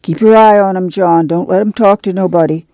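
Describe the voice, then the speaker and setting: A woman reading as a steady, protective farm mother with a drawl, firm and commanding. Her voice is gravelly and mellow, read close in a dry space. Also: fairly low pitch, brisk, no echo, close to an everyday voice.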